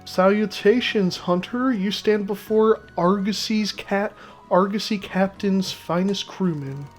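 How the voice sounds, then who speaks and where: Brief: swaggering little cat deckhand, read aloud by a gamer, clipped broken phrasing, medium pitch. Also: measured pace, faint music behind, natural voice. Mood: pompous. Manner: clipped pidgin phrasing sprinkled with Japanese words. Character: boastful male cat sailor, broken speech.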